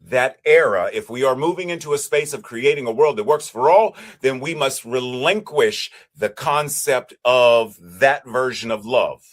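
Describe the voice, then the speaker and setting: A man preaching as a minister, with a measured, repetitive cadence. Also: medium pitch. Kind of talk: sermon.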